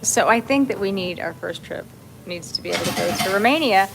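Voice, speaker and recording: A woman's voice: mid-range voice, animated, a little fast, creaky, noisy background. A woman co-hosting a casual cooking livestream from a home kitchen, playful and teasing. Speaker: co-host.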